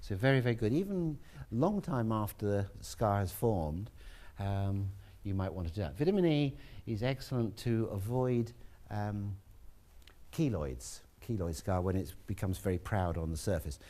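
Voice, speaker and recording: A man giving a relaxed, chatty classroom lecture, with asides to students. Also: fairly low pitch, normal speed.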